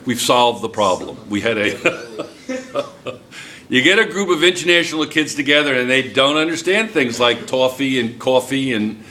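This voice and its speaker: A man's voice: mid-range voice, expressive, normal speed, sharp tone, a little hiss or hum. An American man with a New Jersey accent, a chemistry teacher lecturing and quizzing his class in a classroom. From United States. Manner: chatty, asks the class questions.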